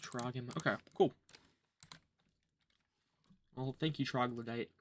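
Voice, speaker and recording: Mid-range and pushed, with a bright edge and a moderate pace, this male livestreamer's voice carries a faint hiss or hum. He casually narrates his gameplay with jokes and sarcasm, talking to himself and chewing gum as he goes.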